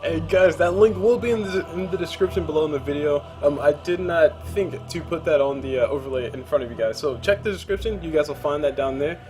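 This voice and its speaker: A man's voice: fairly high pitch, a little fast, few pauses, darkish tone, faint music behind. Upbeat man hosting an interview. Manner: upbeat, hype-driven, talks to viewers. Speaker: interview host. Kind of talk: casual interview chat.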